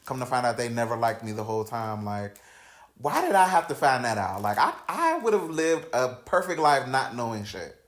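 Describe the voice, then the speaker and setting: A young man hosting a podcast, telling personal stories in a candid, slangy, dramatic way, dropping to low mutters and rising to loud outbursts. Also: big pitch swings, moderate pace. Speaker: podcast host. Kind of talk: candid storytelling chat. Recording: roomy echoey room.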